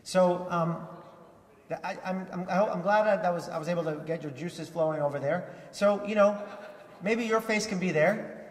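A man's voice: high-pitched, moderate pace. A man giving an enthusiastic conference keynote, often restarting and repeating words. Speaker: keynote speaker. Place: large conference hall. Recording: echoey hall from far off.

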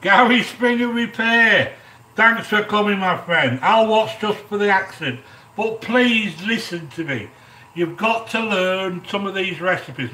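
Working the cooker in his echoey home kitchen, a middle-aged man hosts a cooking live stream, chatting directly with viewers and offering shout-outs. His voice is bright, lively, swooping and high, picked up by a distant mic over the soft sizzle of the frying pan.

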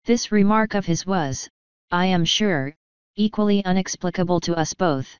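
A woman with a smooth, low voice narrates a scripted audiobook passage at a moderate pace. The lo-fi recording sounds dull and dry, with no room sound at all.

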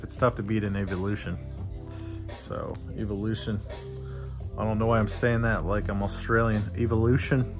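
A middle-aged man casually chatting as he opens trading card packs and reads out each card name. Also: on the low side. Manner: chatty, reads card names aloud in lists. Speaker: card unboxing host. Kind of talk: casual unboxing commentary. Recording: music playing behind.

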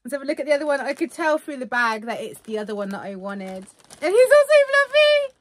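A woman vlogging casually while unboxing gifts, gushing and excitable. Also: fairly high pitch, rapid-fire, a little hiss or hum. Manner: gushing and excitable, many fillers.

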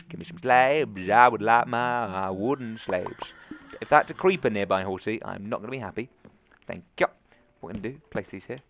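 A man's voice: lowish voice, fairly bright tone, a little hiss or hum. Chatty young English man narrating gameplay. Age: young adult. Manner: chatty, rambling, self-talking. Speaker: gaming commentator. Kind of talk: casual let's play commentary.

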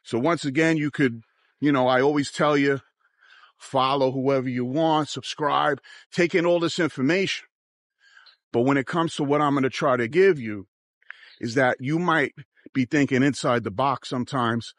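A man's voice: mid-range voice, normal speed, a bit bright, no room sound. A man vlogging to camera, giving earnest, cautionary travel advice in a casual monologue and often repeating himself. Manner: earnest, cautionary, repeats phrases like once again.

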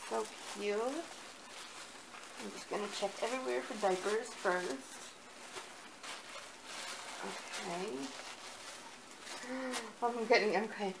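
A young woman gushing with excitement as she unboxes a parcel, gasping and cooing over each item in a casual vlog. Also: medium pitch, slow, long pauses, background noise. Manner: gushing, excited, breathy gasps. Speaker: vlogger.

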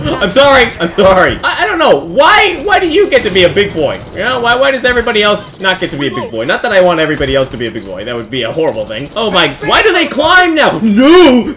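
High, lively man yelling over zombie gameplay. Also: quick pace, hardly any pauses, a crowd in the background. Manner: loud exclamations, jokey asides to viewers. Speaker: gaming YouTuber. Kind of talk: excited gameplay commentary.

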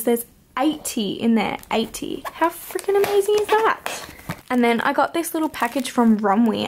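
A woman's voice: fairly high pitch, slight background noise. A young woman in a casual haul vlog, talking to camera at home with a bubbly, gushing, chatty manner. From Australia. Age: young adult. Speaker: vlogger.

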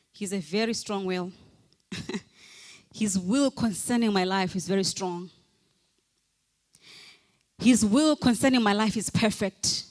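A woman pastor preaching a fervent sermon, calling out repeated hallelujahs and leading the congregation in declarations. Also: medium pitch. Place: church hall. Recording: long hall reverb from a church.

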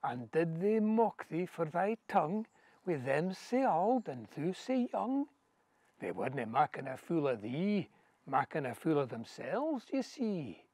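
A wise old miller with a broad Scottish accent, gentle and reassuring, as a man puts him on. He speaks in plain, kindly dialect in a slightly raised register. The sound is close and dry. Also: on the high side, very animated, a little slow, no room sound, full character voice.

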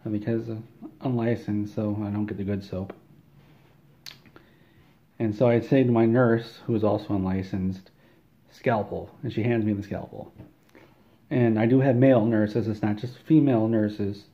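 A man delivers an absurd comedic monologue, deadpan and rambling, and often trips over repeated words. His voice sits fairly low. The recording is dull and lo-fi. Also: moderate pace, long pauses. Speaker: comedic storyteller.

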